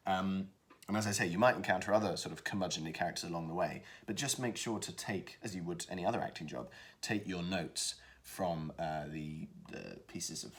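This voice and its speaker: Man, voice actor, very low pitch, casual tutorial, hesitant, many restarts. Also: a little fast, a bit bright. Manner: hesitant, lots of fillers and restarts.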